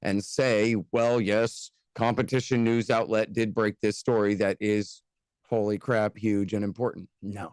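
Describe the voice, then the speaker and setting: A man from the United States, a guest on a casual podcast interview, talking bluntly and sarcastically, with fast rants and mocking quoted voices. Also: lowish voice, little pitch movement, darkish tone, clean tone, no echo. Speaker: guest, antiwar radio host and author.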